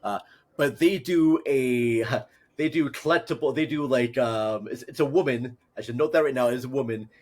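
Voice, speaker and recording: A man from Minnesota hosting a casual podcast chat, rambling and halting with lots of fillers. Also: medium pitch. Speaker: podcast host.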